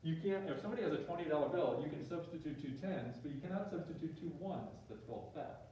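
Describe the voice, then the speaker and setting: Goofy male math teacher in a class, mellow voice, echoey room, mic far away. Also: on the high side, quick pace, slight background noise. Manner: joking, animated, talks to himself. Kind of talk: classroom lecture. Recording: echoey room, distant mic, dull sound.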